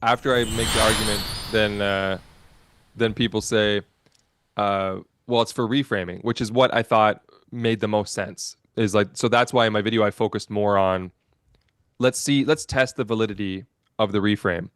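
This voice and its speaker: A man's voice: fairly low pitch, steady tone, moderate pace, fairly bright tone, clear, resonant tone, no echo, studio quality. A man in a casual online panel chat about cameras, rambling through his point and laughing at his own stories.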